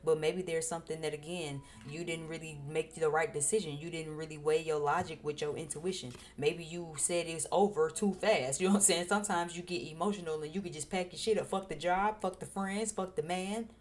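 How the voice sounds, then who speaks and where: A woman's voice: low-pitched, fairly even intonation, fairly quick, hardly any pauses. A woman giving a casual tarot reading, blunt and profane, who repeats phrases for emphasis. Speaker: tarot reader.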